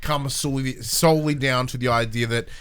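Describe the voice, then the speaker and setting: A man co-hosting a casual podcast, talking in a measured way with some hesitant restarts. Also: medium pitch, steady tone, a bit bright, smooth. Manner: measured, reads chat aloud, hesitant restarts. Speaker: podcast co-host.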